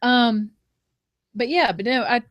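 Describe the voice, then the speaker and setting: A woman's voice: a little high, takes it slowly, no room sound. A middle-aged woman co-hosting a podcast, chatting casually in a teasing, playful way and laughing often. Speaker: podcast co-host. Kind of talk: casual chat.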